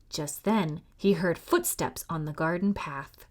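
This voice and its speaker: A woman librarian reading a fairy tale aloud to young children, expressive and pausing to ask them questions. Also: sits low. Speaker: librarian storytime host. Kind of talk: children's read-aloud storytime.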